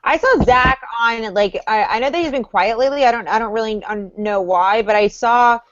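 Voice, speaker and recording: A woman's voice: fairly high pitch, normal speed, no room sound, dull audio. A woman hosting a casual online chat, steering the talk and often restarting her sentences. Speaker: livestream co-host. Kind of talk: casual group chat about a reality show.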